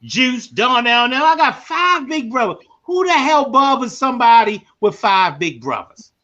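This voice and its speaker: High, bright man telling stories. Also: measured pace, dull audio. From Baltimore. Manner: animated, rising to emphatic shouts. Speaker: podcast host. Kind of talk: live storytelling monologue.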